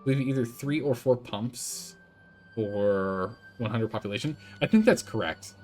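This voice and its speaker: A man's voice: medium pitch, unhurried, darkish tone, soft background music. Chatty male streamer, laid-back. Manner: chatty, thinks aloud, answers chat, laughs often. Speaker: streamer playing a building game. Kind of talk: casual live-stream commentary.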